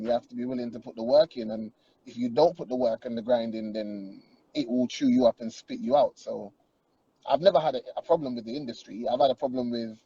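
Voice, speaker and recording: Laid-back young man, husky voice. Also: mid-range voice, dark tone, muffled recording. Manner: laid-back, joking, slangy. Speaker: interview guest, DJ and artist. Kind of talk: casual radio interview.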